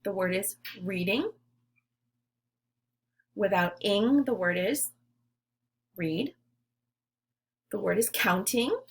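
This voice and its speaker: A woman teacher leading young children through a phonics lesson, giving words slowly and clearly for them to repeat. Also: mid-range voice, fairly bright tone. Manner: slow, clear, leading call-and-response drills.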